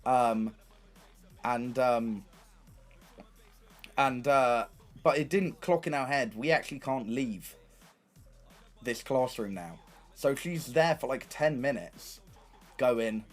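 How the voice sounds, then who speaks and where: A man's voice: mid-range voice, takes it slowly, long pauses, faint music behind. Chatty young man telling stories. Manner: animated, swears freely, loose and chatty. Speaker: streamer. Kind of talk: casual storytelling on a livestream.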